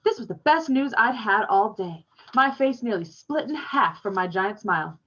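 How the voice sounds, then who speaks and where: A woman reads a novel aloud, telling the story with expression. Her voice sits at a middle pitch. The recording is somewhat dull and lo-fi. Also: lively intonation, moderate pace, few pauses, a bit bright. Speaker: reader.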